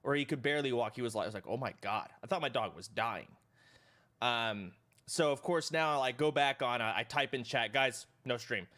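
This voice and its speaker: Male streamer, casual chat, swearing a lot, rambling story, mid-pitched voice. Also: a little fast. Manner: rambling, profane, animated storytelling. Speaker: live streamer.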